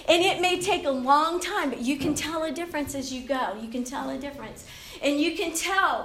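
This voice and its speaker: High-voiced woman in her fifties, laughing often. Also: slight background noise. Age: 50s. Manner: chatty and animated, laughing often, acting out inner voices. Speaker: youth speaker. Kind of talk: informal Christian talk to young people. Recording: roomy, distant hall mic with faint ambience.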